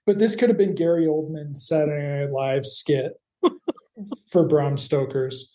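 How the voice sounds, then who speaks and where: Woman, podcast co-host, very mellow low voice, dry wit, echoey room. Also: measured pace. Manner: wry, deadpan retelling. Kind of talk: casual episode recap.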